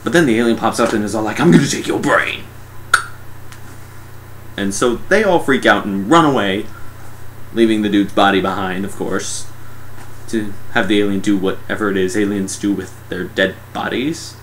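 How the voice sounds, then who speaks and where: A man's voice: lowish voice, normal speed, a bit bright, a little hiss or hum, rough recording. A man giving a casual, comedic movie recap in a sarcastic, mock-exasperated way. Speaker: movie reviewer.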